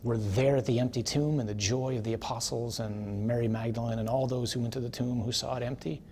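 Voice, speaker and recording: A man delivers a teaching sermon in a relaxed, storytelling way, checking in with his listeners through little tag questions. His voice sits in an ordinary middle pitch. When he reaches his main points, he swells into strong, emphatic preaching. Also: fairly quick, a little hiss or hum. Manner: casual and storytelling, with tag questions like "huh?" and "okay?"; builds to forceful emphasis.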